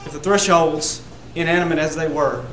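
A man preaching a sermon to a congregation, building to loud emphatic peaks on repeated words. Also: a little high, normal speed, roomy sound, slight background noise, low-quality recording. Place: church sanctuary.

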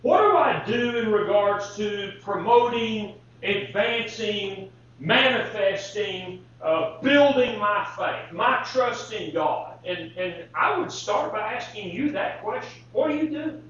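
A man's voice: high voice, lively intonation, takes it slowly, a bit bright, slight background noise. A male preacher delivering a sermon, reading scripture and putting rhetorical questions to the congregation. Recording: very echoey hall, distant mic, dull lo-fi sound.

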